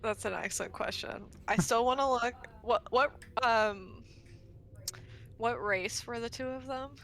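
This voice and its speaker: Woman, player, bright voice, slow and unhurried, faint hiss behind. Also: fairly high pitch. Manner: slow, playful, hesitant with fillers. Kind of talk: tabletop role-play.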